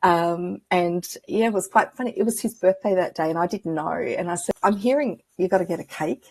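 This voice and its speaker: Husky-voiced woman, chatty spiritual guest. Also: on the low side, brisk, a little mellow. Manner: chatty, reflective, acts out remembered dialogue. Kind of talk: casual interview storytelling.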